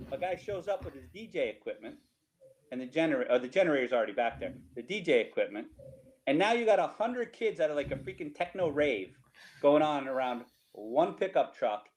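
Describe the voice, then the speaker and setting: Animated middle-aged man with a New Jersey accent. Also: mid-range voice, low-quality recording. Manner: animated, laughing, repeats himself, rhetorical "right?". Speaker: storyteller guest. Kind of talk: casual storytelling over slides.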